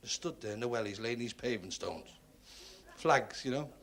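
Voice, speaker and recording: A man's voice: medium pitch, normal speed, fairly bright tone. A male stand-up comedian who tells jokes and chats with the audience, in 1970s TV studio audio. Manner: chatty, talks to the audience. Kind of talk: stand-up joke telling with audience banter.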